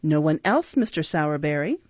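A woman voicing a stern, pompous middle-aged beadle who blusters and scolds in a lowered voice. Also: big pitch swings, brisk, a little mellow, no room sound. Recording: dull, dry recording.

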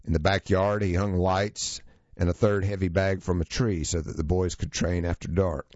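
A man reading a true story aloud as scripted narration, steady and measured. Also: sits low, no echo, muffled recording.

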